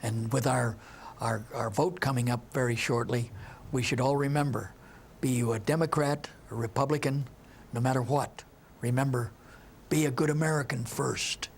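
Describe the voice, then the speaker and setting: An older man, a guest on a TV talk show, speaking haltingly with many restarts. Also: mid-range voice, steady tone, vocal fry, slight background noise. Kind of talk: emotional TV interview.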